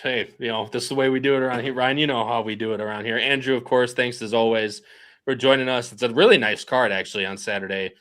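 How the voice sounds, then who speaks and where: Man, podcast host, bright tone, chatty, laughs easily, casual talk. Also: mid-range voice, steady tone, quick pace. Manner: chatty, laughs often, reads live chat aloud. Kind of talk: casual horse racing podcast chat.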